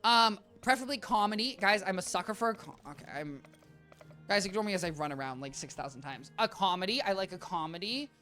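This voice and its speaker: Rambling, bright-voiced game streamer. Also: medium pitch, expressive, quick pace, soft background music. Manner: chatty, rambling, addresses chat as guys. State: worn-out voice. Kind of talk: live-stream chat while playing.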